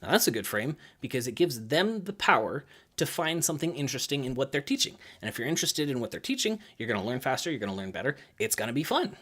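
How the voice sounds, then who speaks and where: A young adult man, a gymnastics coach, talking casually to the camera about coaching. He is lively, uses many fillers, and acts out kids' lines in higher voices. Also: quick pace, husky.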